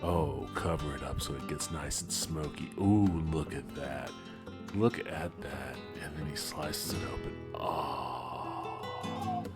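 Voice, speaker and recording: A man hosting a livestream, giving animated, casual reaction commentary that rambles and swears. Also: extremely low pitch, takes it slowly, over loud music. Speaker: livestream host.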